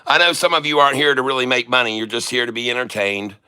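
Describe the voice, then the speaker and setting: A man's voice: mid-range voice, quick pace, bright, forceful tone, slight background noise. A man hosting a live stream, joking and talking straight to his viewers. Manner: joking, talks straight to the chat. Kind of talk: casual live stream chat.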